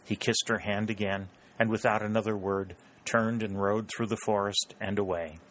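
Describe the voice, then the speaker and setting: Man, low voice, audiobook narrator, measured, scripted reading of a novel. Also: flat delivery, a bit bright.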